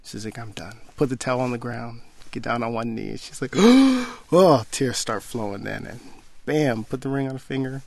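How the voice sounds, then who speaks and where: A young man casually telling a personal story, animated and acting out the quoted dialogue. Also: medium pitch, brisk, gravelly.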